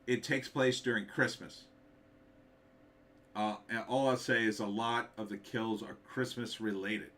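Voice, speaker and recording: A middle-aged man, slightly hoarse, hosting a casual livestream, thinking aloud and reading out viewer comments with hums and fillers. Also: fairly low pitch, fairly even intonation, a little slow, fairly bright tone. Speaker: livestream host, author.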